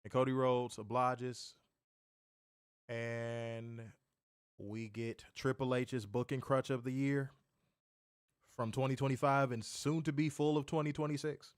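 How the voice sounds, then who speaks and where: A man co-hosting a podcast in casual talk, venting with exasperation and plenty of swearing, hammering his points home by saying them again and again. His voice sits at an ordinary middle pitch, recorded dry and close with no room sound. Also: level tone, measured pace, long pauses, clear, resonant tone, no room sound. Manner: exasperated, ranting, profane, repeats himself for emphasis. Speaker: wrestling review podcast co-host. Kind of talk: casual chat.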